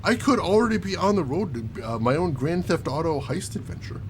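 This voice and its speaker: A man's voice: fairly high pitch, big pitch swings, a little fast, a little hiss or hum. A man hosting a let's play, giving wry, joking running commentary as he plays. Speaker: gaming channel host.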